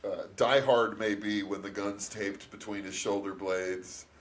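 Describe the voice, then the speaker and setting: A man co-hosting a podcast, chatting casually about an old action film, often laughing and acting out quotes. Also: a little slow. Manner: animated, laughing, acts out quotes with big pitch jumps. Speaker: podcast co-host. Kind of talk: casual movie review chat.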